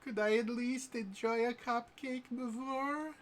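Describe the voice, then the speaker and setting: A man's voice: very high voice, fairly even intonation, unhurried, voice pushed up. A man voicing a playful, sly young woman adventurer, with a sing-song, mock-sad manner. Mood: sweet.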